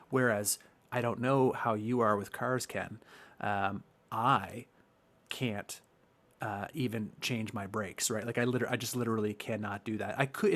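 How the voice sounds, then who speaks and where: A man's voice: medium pitch, fairly bright tone. A man hosting a casual podcast conversation over a video call. He rambles and jokes, restarting his sentences often, in an ordinary mid-range voice. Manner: rambling, joking, many restarts. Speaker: podcast host.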